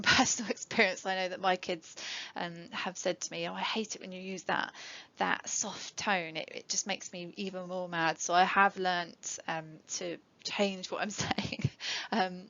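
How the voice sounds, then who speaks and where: A woman's voice: on the low side, vocal fry, a bit bright. A middle-aged woman, an educational psychologist, giving a webinar talk to parents in a conversational way, with many ums and light laughs. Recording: dull lo-fi webinar audio.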